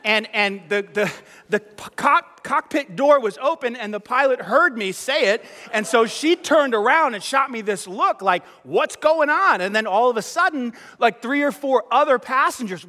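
A male pastor preaches in a high, bright voice. He tells a personal story with animated, self-mocking flair and plays out the dialogue himself. The sound carries a long hall reverb. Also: normal speed. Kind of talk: sermon storytelling.

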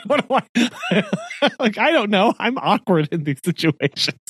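A man's voice: sits high, sing-song, normal speed, breathy edge, no echo. A man tells a story on a casual podcast, his voice rising and falling freely. He laughs often and acts out the people he talks about. The sound is close and dry. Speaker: podcast co-host.

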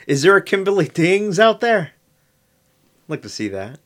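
A man's voice: on the high side, big pitch swings, slow, fairly bright tone. A man co-hosting a podcast, talking in casual chat with sarcastic, profane, mock-outraged jabs. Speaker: podcast co-host.

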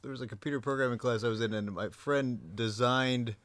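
Jokey man with a bright voice. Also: medium pitch, steady tone, brisk, slight background noise. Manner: jokey, riffs on absurd scenarios. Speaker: podcast co-host. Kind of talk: casual chat recapping a sitcom.

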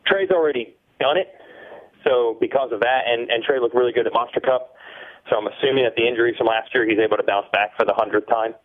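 A man talking through his sports picks in an even, reasoning way, heard as a co-host. His voice comes through a thin, phone-like line. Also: medium pitch, fast talker. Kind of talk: casual sports chat.

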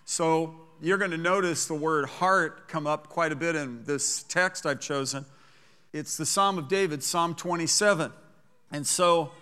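A male pastor preaching with a high, bright, ringing voice that carries through a long hall reverb. He moves between easy conversational asides and fervent, emphatic declarations, calling the congregation to repeat after him. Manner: fervent, rising to loud emphatic peaks when reading scripture; asks congregation to repeat lines. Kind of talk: sermon. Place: church sanctuary.

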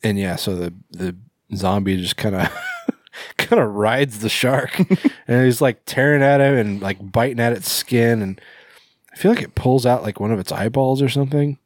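A man's voice: mid-range voice, moderate pace, no echo, studio quality. A man casually recapping a movie on a podcast, rambling with fillers and self-corrections. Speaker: podcast co-host.

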